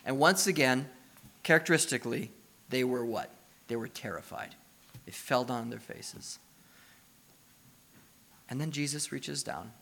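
A man's voice: medium pitch, expressive, moderate pace, gravelly, pauses often, pushed and bright. A middle-aged man, a pastor, preaching a sermon in a conversational way, asking the listeners questions and building to emphatic passages.

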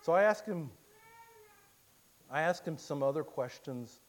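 A man preaching a sermon, telling the story in the first person and swinging from hushed, quiet lines to loud, impassioned cries. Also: fairly high pitch, lively intonation, unhurried, pauses often.

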